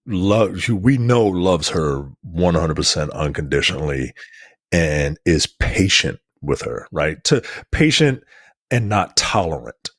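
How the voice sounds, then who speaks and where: A man co-hosting a relaxed film review conversation, his voice sitting at an ordinary mid pitch. He talks loosely, circling back with "like" and "right?" as he walks through scenes. The sound is dry and close, with no room around it. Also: slow pace, dry recording. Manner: casual, animated retelling of scenes with acted-out quotes. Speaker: film review podcast co-host. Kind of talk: casual conversational film discussion.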